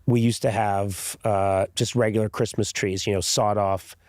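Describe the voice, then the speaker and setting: A man hosting a podcast, telling a family story in an animated, self-mocking way. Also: on the low side, moderate pace, no echo, clean studio sound. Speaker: podcast host.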